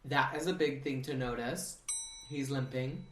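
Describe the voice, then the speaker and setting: Man, podcast co-host, animated storyteller, casual recap chat, echoey room. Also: medium pitch, unhurried, a little hiss or hum. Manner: animated storyteller, acts out characters, swears playfully.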